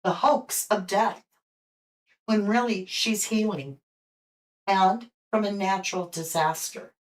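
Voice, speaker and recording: A woman hosts a casual live tarot reading and chats openly with her audience as she lays out her theories. Her voice has a middling pitch and sits a little distant from the microphone. She keeps hiccuping through the session. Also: slow pace. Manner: chatty, warm toward viewers, speculative. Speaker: host and tarot reader.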